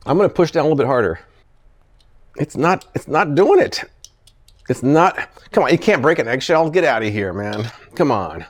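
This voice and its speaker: A man's voice: mid-range voice, lively intonation, moderate pace. A man hosting a casual product-testing vlog, talking animatedly and often sounding exasperated, chuckling when a gadget fails. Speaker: product reviewer, channel host.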